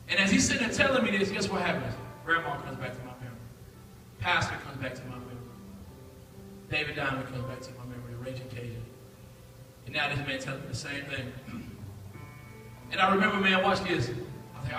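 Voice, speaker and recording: A man, telling a lively testimony to students as guest speaker in a school chapel. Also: on the high side, fast, pauses often, over music. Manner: animated, acts out voices. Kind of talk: storytelling testimony. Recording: echoey hall from far off.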